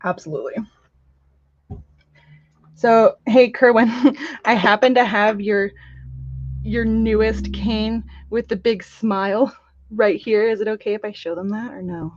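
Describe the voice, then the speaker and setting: A woman hosting a casual crafting livestream, chatting in a bubbly way with quick gushing asides while she demonstrates. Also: mid-range voice, steady tone, a little mellow, dry recording, lo-fi sound. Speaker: crafting channel host. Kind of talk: casual live-stream chat with demos.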